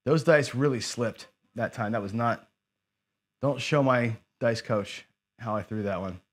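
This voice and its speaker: A man's voice: medium pitch, a little slow. A man giving casual running commentary as he plays a dice game on a live stream, chatting to his viewers. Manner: chatty, talks to himself and chat viewers. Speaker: craps streamer.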